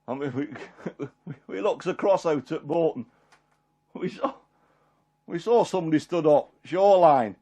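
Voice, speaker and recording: A man plays Peter, a homely, warm-hearted fisherman, telling his story in a rambling, chuckling way. The voice sits a little high for a man and stays unpolished and everyday. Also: moderate pace, slightly rough. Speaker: performer in a one-man Bible drama. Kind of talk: dramatic character monologue.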